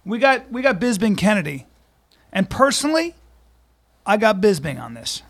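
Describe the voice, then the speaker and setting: Male host, high voice, teasing chat. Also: big pitch swings, normal speed. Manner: laughing, teasing. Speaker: podcast host. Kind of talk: casual podcast chat.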